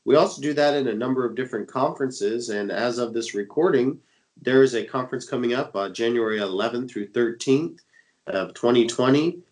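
Congested from a cold, a Dallas, Texas area internet evangelist co-hosts a religious radio show, chatting eagerly with many fillers. His mid-range voice is fairly quick with a darkish tone, and the recording is rough.

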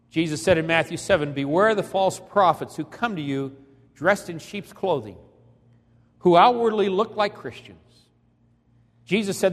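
A man's voice: on the high side, moderate pace, long reverb tail. A man preaching a sermon, telling a story dramatically and acting out the quotes with emphasis. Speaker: evangelist preacher.

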